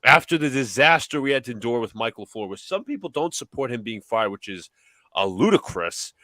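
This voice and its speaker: A man's voice: mid-range voice, sing-song, brisk, sharp tone, no room sound. A man hosting a sports podcast, arguing his points emphatically and repeating lines for effect. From New York area. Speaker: podcast host. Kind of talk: animated sports debate.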